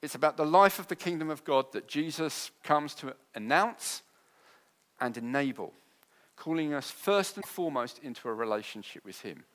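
Male preacher, fairly high-pitched, shifts from hushed tenderness to rousing calls. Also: expressive, moderate pace. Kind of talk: sermon.

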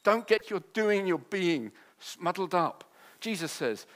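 A man preaching a sermon, his delivery moving between quiet tender passages and loud rousing ones. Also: sits high, animated, unhurried.

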